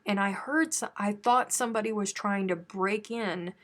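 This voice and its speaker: A woman from the South with a light Southern accent, chatting with viewers on a live stream. She tells stories in a chatty, animated way, and her voice sits in a middle pitch. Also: moderate pace. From American South. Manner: chatty storytelling, animated when telling stories. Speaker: crochet live stream host. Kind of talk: casual live chat with viewers.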